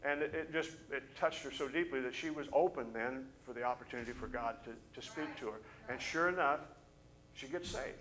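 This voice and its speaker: Male pastor, mid-range voice, animated storyteller in a Sunday sermon. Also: mid-range voice, fairly quick, low-quality recording. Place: church service.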